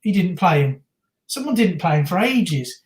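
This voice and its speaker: A woman's voice: lowish voice, moderate pace. Chatty woman co-host in roomy echo. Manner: lively, reads out viewer comments, laughs easily. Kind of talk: live match reaction chat.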